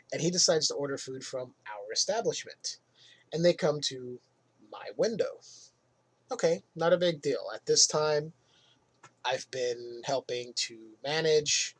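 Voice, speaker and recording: Husky man telling work stories. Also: medium pitch. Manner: animated anecdote-telling, laughs while telling. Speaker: podcast host. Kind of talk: casual storytelling monologue.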